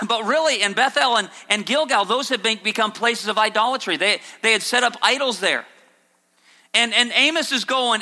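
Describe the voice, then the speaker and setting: A man preaching a sermon as a pastor, dropping low and earnest, then jumping high to mock the excuses he quotes. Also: moderate pace, pushed and bright. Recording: long hall reverb.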